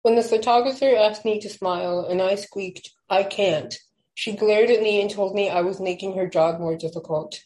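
A young woman, a podcast guest, chatting casually and then reading her own poem aloud with slow, measured stresses. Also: medium pitch, a little mellow, rough recording. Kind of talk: casual chat and poetry reading.

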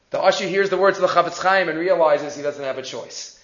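A man's voice: a little high, a little fast. A man teaching a religious class who tells stories and translates each verse as he goes, heard in an echoey, dull recording.

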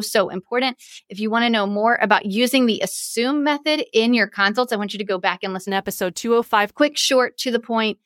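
Upbeat woman podcast host, bright higher voice, dry close sound, quick and excited delivery. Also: no echo. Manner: energetic, excited, fast-talking. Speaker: podcast host and wedding business coach. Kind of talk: solo business podcast.

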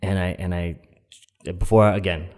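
A young man with a fairly low voice tells a personal story in a loose, casual way. He rambles and fills every gap with "like" and "um". He keeps the tale moving without polish. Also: fairly even intonation, normal speed, darkish tone, big-room sound. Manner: rambling, heavy on "like" and "um" fillers. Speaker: storyteller guest.

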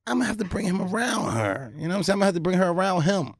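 A man co-hosting a casual podcast, laid-back and crude, often trailing off into low mumbles. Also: big pitch swings, rapid-fire, breathy edge, dry recording, clean studio sound. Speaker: podcast co-host.

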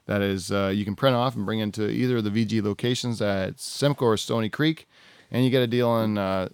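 A man's voice: fairly low pitch, steady tone, a little fast, smooth, dry recording. A middle-aged man, hosting a casual podcast and rambling freely between laughs, with swearing along the way. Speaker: podcast host. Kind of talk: casual chat.

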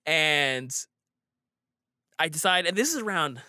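A man's voice: a little high, expressive, takes it slowly, bright, forceful tone, dry recording, clean studio sound. A man telling a personal story casually, rambling with frequent restarts and fillers. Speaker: storyteller guest.

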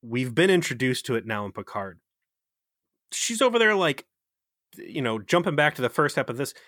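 A man's voice: mid-range voice, fairly bright tone, dry recording, studio quality. A man co-hosting a casual critique chat, ranting with profanity and sarcasm. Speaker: podcast co-host.

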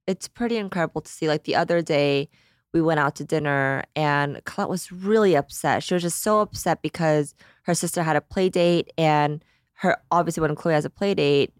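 A woman's voice: sits low, moderate pace, no room sound, studio quality. A woman in her thirties co-hosting a podcast, chatting casually and emotionally, with lots of "like"s. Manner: emotional, grateful, rambling with many "like"s. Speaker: podcast co-host. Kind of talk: casual chat.

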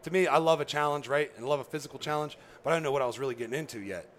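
A man, a podcast guest, telling a story in a casual, animated way, laughing often and acting out dialogue. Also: a little high, racing, a little hiss or hum.

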